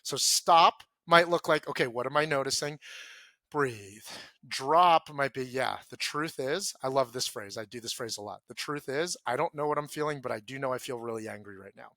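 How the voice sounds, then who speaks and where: A man speaking as a podcast guest in earnest conversation, acting out his own inner self-talk and dropping soft and low when he voices quoted feelings. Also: moderate pace, dry recording.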